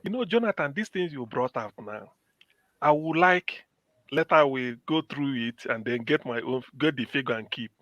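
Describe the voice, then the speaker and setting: A man's voice: mid-range voice, animated, moderate pace, a bit bright, dull audio. A man with a Nigerian accent on a live-stream panel, repeating words to get the floor. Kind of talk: heated live-stream debate.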